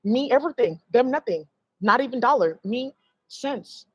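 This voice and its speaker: A scornful braggart gloats over money in short, choppy boasts, put on by a woman. The voice is a little lower and quieter than a plain speaking voice, with a husky edge. It sounds dry and close. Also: lively intonation, normal speed, no room sound. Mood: gloating. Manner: clipped, mocking, choppy phrasing.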